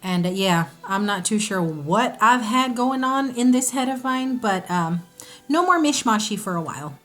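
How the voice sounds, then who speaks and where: A woman's voice: mid-range voice, lively intonation, normal speed, fairly bright tone, faint music behind. A woman, a mother, chatting casually to camera in a rambling haul video, often stopping to correct herself. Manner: chatty, rambling, self-interrupting. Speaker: vlogger.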